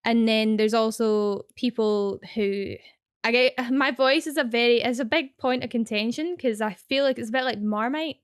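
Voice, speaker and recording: Chatty Scottish woman, smooth and dry. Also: on the high side, steady tone, dry recording. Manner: rapid, chatty, full of "like" fillers. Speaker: guest, streamer. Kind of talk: casual interview chat.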